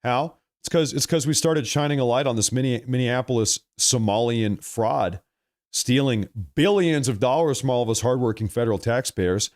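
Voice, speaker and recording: A man's voice: medium pitch, moderate pace, a little mellow, no echo, studio quality. A man hosting live political commentary on a stream, emphatic and repeating lines for effect, calling his viewers folks. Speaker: livestream political commentary host.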